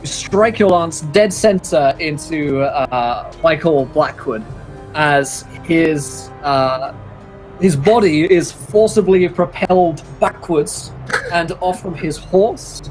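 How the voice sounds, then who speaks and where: A man's voice: on the high side, slow, a little mellow, faint music behind. A man narrating a tabletop game as game master, casual with many fillers.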